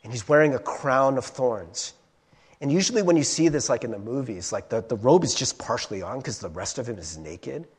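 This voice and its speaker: A man preaching a sermon as a pastor, animated, acting out crowd voices and asking rhetorical questions. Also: mid-range voice, fairly quick, slightly rough.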